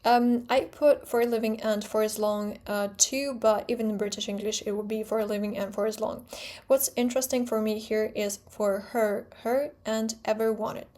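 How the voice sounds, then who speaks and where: A woman with a fairly high voice and a Russian accent teaches her own pronunciation method. She talks fast and precisely and stresses the sounds she uses as examples. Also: steady tone, warm tone. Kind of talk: explanatory talk to camera.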